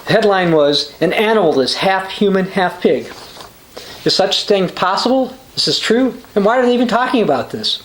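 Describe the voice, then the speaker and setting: High-voiced man preaching a sermonette, echoey. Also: lively intonation, moderate pace, fairly bright tone, slight background noise. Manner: reads quotations aloud with frequent uh and restarts. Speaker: preacher hosting a religious news channel. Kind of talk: short sermon reading news and scripture.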